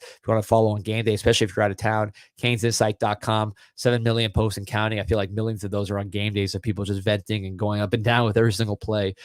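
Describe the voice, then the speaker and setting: A middle-aged man hosts a live sports podcast in a relaxed, chatty way. His voice sits fairly low and he talks quickly, stumbling over repeated words now and then. The sound is close and dry, with no room around it. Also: dry recording. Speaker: podcast host. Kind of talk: casual live-stream sports chat.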